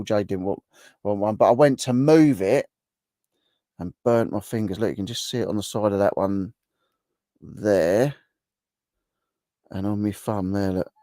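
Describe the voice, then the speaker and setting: Chatty man, low and dry. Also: warm tone, no room sound. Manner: chatty and rambling, with many restarts. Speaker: livestream host. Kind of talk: casual live chat reading viewer comments.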